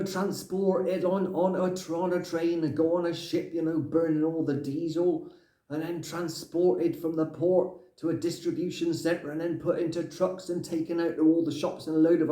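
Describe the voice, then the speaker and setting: A man's voice: fairly high pitch, mellow, natural voice. A man playing a grumpy older Englishman who rambles and rants in a comic monologue, tagging his lines with "right?". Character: grumpy older Englishman ranting about clutter. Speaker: comic character. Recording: echoey room.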